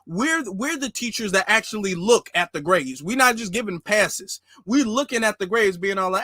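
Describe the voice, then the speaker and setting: Fiery high-voiced man with a bright edge. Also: animated, normal speed, few pauses, dry recording, studio quality. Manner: fiery, repetitive, emphatic. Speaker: political commentary host. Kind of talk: casual monologue commentary.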